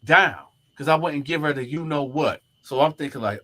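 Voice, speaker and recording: A man's voice: on the high side, moderate pace. A man, a former prisoner, telling a story and acting out the other people's lines as he goes. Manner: animated, acts out the other people's quoted lines. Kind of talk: storytelling to camera.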